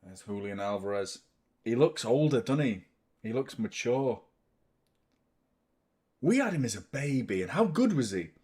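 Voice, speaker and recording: A man hosting a live football watchalong, commenting on the match, chatting to viewers and swearing freely. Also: fairly low pitch. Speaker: host of a football watchalong stream.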